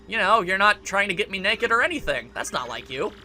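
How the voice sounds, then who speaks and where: A man puts on a young captive princess from a video game, sounding puzzled and questioning. The voice is high and bright. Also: big pitch swings, fairly quick, a little hiss or hum, exaggerated voice. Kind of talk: let's play voice acting.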